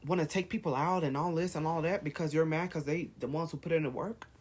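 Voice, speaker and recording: A man's voice: fairly high pitch, steady tone, fast talker, husky. A man vlogging, firing off heated rhetorical questions in a rant to camera. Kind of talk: ranting to camera.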